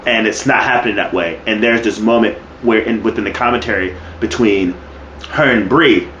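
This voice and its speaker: A man's voice: fairly low pitch, normal speed, a bit bright, roomy sound, lo-fi sound, a little hiss or hum. A man co-hosting a wrestling podcast in casual chat, talking profanely and acting out quotes with laughs. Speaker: podcast co-host.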